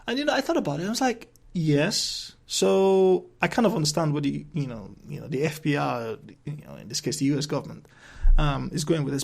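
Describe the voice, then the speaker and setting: Gravelly man ranting on a podcast. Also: on the high side. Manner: ranting, profane, rambling with restarts. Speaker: podcast host. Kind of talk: solo podcast rant.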